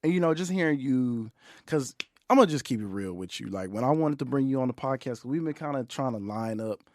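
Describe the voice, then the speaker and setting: A man's voice: mid-range voice, animated, a little fast, a little mellow, no room sound. A man hosting a podcast, chatting in an earnest, laid-back and slangy way. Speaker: podcast host. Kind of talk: casual interview chat. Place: podcast studio.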